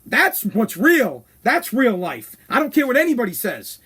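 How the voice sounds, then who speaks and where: A man's voice: very high voice, huge pitch swings, moderate pace, bright, forceful tone, slightly rough. A man hosting a podcast, giving a blunt, profane opinion rant. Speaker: podcast host. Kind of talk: casual opinion monologue.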